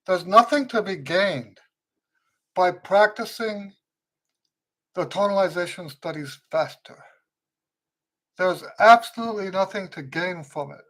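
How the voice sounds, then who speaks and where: Slow, tired and weak, this trumpet teacher's fading voice sits high with a fairly bright tone. He's answering questions on a live stream and keeps repeating his main points to drive them home.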